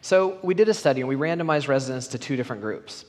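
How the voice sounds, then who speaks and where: A man's voice: mid-range voice, quick pace. A middle-aged man giving a conference talk, telling stories and acting out the dialogue with animation. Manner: animated, acts out quoted dialogue. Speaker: conference speaker. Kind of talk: storytelling keynote talk. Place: conference hall. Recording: long hall reverb.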